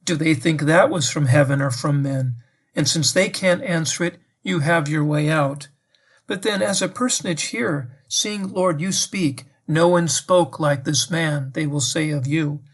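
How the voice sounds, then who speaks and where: A man's voice: a little high, a little slow. Reflective man praying aloud to the Lord. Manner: addresses the Lord directly, reflective and questioning. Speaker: priest giving a meditation. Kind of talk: prayerful spoken meditation.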